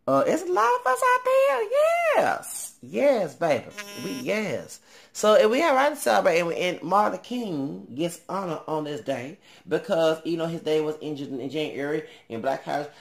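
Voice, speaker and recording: Brief: male vlogger with a raised pitch and a gravelly fry, rambling and filler-heavy, given to sudden loud bursts. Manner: thinks aloud with many ums, trails off then bursts louder. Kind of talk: casual rambling monologue.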